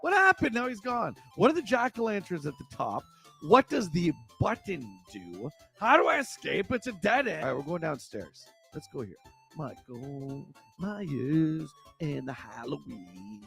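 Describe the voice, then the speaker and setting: Excitable gravelly man hosting a gaming stream. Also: sits high, normal speed, soft background music. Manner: excitable, yelps and shrieks while gaming. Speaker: livestream host. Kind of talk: retro gaming stream chat and playthrough.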